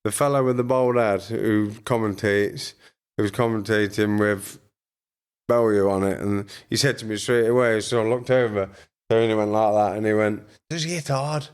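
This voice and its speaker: A man with a fairly low voice, talking casually as a guest on a podcast. He tells crude, comic tales and keeps breaking into laughter as he goes. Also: fairly even intonation, normal speed, clean tone. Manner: chatty, crude, laughs through his stories. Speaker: podcast guest, former pro boxer. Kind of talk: casual storytelling chat.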